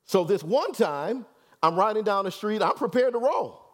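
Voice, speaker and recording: Male pastor, storytelling sermon, chatty check-ins, somewhat high voice. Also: expressive, moderate pace. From Detroit, USA. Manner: conversational, keeps checking in with "right?".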